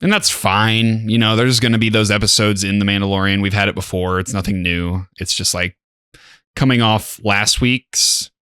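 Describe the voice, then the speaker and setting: A man's voice: fairly low pitch, fairly even intonation, moderate pace, sharp tone, smooth, no echo, clean studio sound. A tired young man co-hosting a reaction show, chatting casually and sighing now and then. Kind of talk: casual chat.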